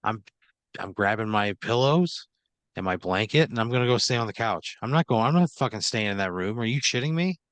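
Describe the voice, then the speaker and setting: A young man reacts in exasperated, swearing outbursts, his pitch swinging widely. The sound is dry and close to the mic. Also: lively intonation, brisk, a bit bright, dry recording. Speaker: podcast co-host playing along. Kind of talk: comic banter.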